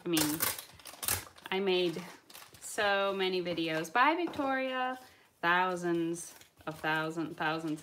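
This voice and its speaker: A woman hosting a live-stream toy unboxing. She chats excitably and answers viewer comments as she opens toys. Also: on the low side, slight background noise. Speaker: toy channel host. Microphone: camera mic on live stream.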